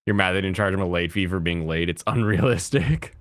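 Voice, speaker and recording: A man's voice: deep voice, fairly quick, fairly bright tone, dry recording, studio quality. A man in his thirties chatting casually as a streamer, rambling and giggly. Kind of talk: casual chat.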